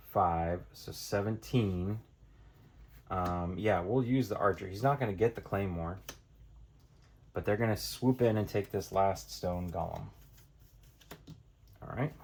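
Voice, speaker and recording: Deep-voiced man talking through a card game. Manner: thinking aloud, counting cards out loud. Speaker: board game reviewer. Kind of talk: casual tabletop playthrough tutorial.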